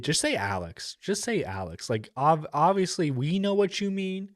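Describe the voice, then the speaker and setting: A man's voice: sits high, wildly swooping pitch, unhurried, dry recording, clean studio sound. A man giving casual, rambling commentary as a streamer reacting to a video, with lots of fillers and blunt profanity.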